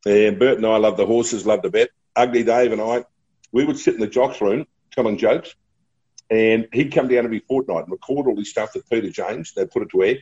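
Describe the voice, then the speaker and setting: A man's voice: fairly low pitch, brisk, a little mellow, husky, lo-fi sound. A middle-aged man with an Australian accent, a radio broadcaster telling chatty, laughing anecdotes in a casual interview. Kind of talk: casual storytelling.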